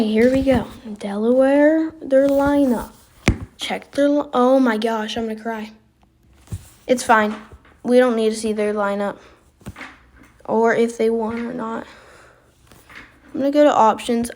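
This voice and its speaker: A woman giving casual, excitable commentary while playing a basketball video game, reacting aloud as she goes. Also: high voice, slight background noise. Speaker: gaming video creator.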